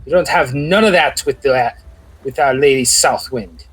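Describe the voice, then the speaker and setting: A man's voice: mid-range voice, moderate pace, fairly bright tone, breathy edge. A man voicing a fierce, menacing woman naval commander with an attempted Irish accent that drifts toward Scottish. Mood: scornful.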